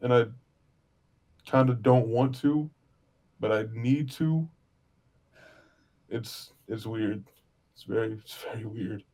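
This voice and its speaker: A man playing a grieving adventurer who speaks haltingly, searching for words. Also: mid-range voice, warm tone. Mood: troubled. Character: grieving young adventurer haunted by a lost friend.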